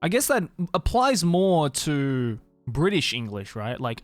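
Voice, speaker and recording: A man's voice: on the high side, very animated, no room sound, soft background music. Musing Australian man chatting with viewers. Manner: musing, hesitant, slows to spell out words. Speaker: streamer. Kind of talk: casual chat with viewers.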